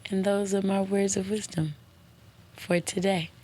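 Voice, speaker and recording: Slow-talking playful woman podcast host. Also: flat delivery, warm tone, breathy edge. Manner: playful and slangy, with swooping high exclamations; spells out web addresses letter by letter. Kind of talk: casual motivational podcast talk.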